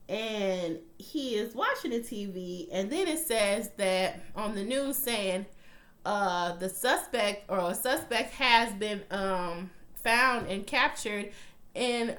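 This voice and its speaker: A young woman recaps a TV episode in casual, profane chat, her voice sitting at a middle pitch. She retells the scenes bluntly and slips into quoted lines as she goes. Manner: profane, blunt, animated storytelling with acted-out quotes. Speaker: TV recap vlogger.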